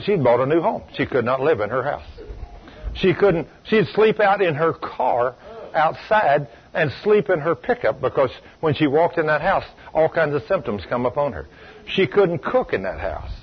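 A man's voice: medium pitch, slightly rough. A man preaching a sermon, telling stories emphatically and asking the congregation rhetorical questions. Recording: dull lo-fi recording.

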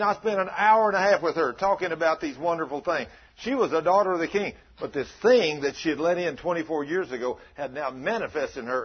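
Husky pastor telling a story. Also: male voice, sits high. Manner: folksy, animated storytelling. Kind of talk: storytelling sermon. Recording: dull lo-fi recording.

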